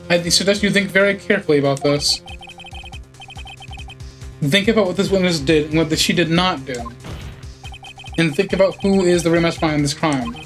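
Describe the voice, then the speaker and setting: A man voicing a cold, arrogant prosecutor who speaks in cool, deliberate sentences. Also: fairly high pitch, close to an everyday voice. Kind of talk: game dialogue read aloud.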